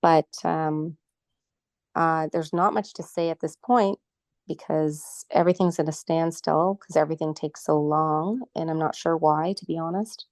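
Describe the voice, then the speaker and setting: A woman's voice: low-pitched, fairly even intonation, measured pace, darkish tone, no echo, studio quality. A middle-aged woman from Canada, a guest telling her story in a casual interview, agitated and indignant.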